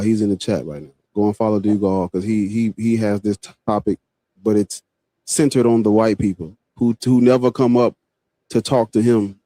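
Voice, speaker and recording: Man in his fifties, relaxed co-host, repeats himself, dry sound. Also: lowish voice, dry recording. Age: 50s. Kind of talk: casual chat.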